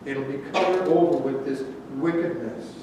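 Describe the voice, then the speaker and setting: A man preaching a sermon as pastor, asking rhetorical questions and stressing words slowly before dropping to a hush. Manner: rhetorical questions, slow emphatic phrasing, drops to a hush. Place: church sanctuary. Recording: very echoey church from a distant mic, faint rumble.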